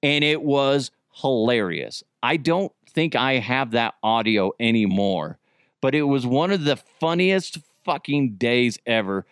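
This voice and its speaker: A man in his thirties hosting a podcast, telling old radio stories in a rambling, profane, animated way with frequent restarts. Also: medium pitch, a little slow, clean tone, no room sound, clean studio sound. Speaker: podcast host, former radio producer. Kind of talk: casual storytelling.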